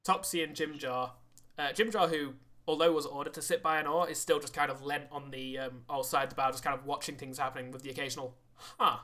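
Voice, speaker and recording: Bright-voiced male game master. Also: on the high side, steady tone, fast talker. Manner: rambling, many fillers. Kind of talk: narrating a tabletop game.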